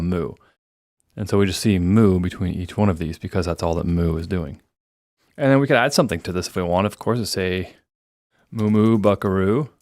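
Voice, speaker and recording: Male coding instructor, lowish voice, dry close mic, relaxed step-by-step explaining. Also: dry recording. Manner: relaxed explaining, thinking aloud while typing code. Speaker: programming instructor. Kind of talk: screen-recorded coding tutorial.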